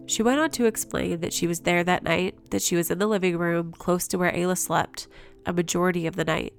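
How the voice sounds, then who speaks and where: Woman host, lowish gravelly voice, soft music bed; scripted, measured narration. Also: steady tone.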